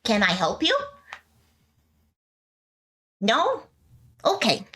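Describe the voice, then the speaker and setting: A woman's voice: a little high, huge pitch swings, very slow, fairly bright tone, slight background noise, pitched above the performer's own voice, heavily acted. A woman voicing a young boy answering a phone in a tabletop game. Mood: earnest.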